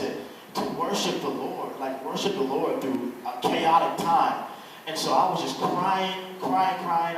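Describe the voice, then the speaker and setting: A young man earnestly telling his personal testimony to an audience, halting often and restarting his sentences. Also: on the high side, slight background noise. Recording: echoey room from far off.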